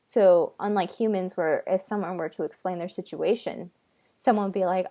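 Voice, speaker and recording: A woman channeler talking casually, nervous and halting, with many fillers and restarts, relaying an unseen being's words in her own voice. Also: lowish voice, mellow. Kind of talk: casual conversation.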